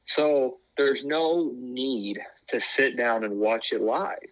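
Taking his time, this former wrestling hopeful rambles through casual podcast talk as a co-host, full of fillers and false starts. His voice is medium-pitched and a bit bright; the audio has no echo but is poor overall.

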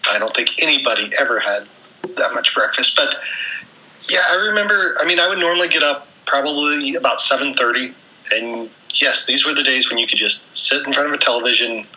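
A man's voice: medium pitch, fairly quick, pushed and bright, poor audio. A man in his forties, from the central United States, casually reminiscing in an easygoing way with frequent restarts. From US Central region. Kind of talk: casual nostalgic chat.

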